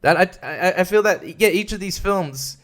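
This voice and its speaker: A man's voice: sits high, normal speed, fairly bright tone. A young man hosting a solo podcast in a casual, rambling way, often stumbling and restarting with little laughs. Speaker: podcast host.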